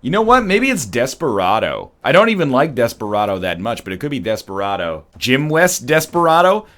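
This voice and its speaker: A man's voice: medium pitch, sing-song, a little fast, a bit bright. A man riffing and joking sarcastically in casual stream chat. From Canada.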